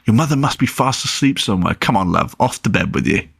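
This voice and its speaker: A man voicing a gentle father coaxing his daughter off to bed in a storybook reading. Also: fairly low pitch, lively intonation, fast, gravelly, husky, dry recording, studio quality, full character voice. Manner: coaxing, teasing.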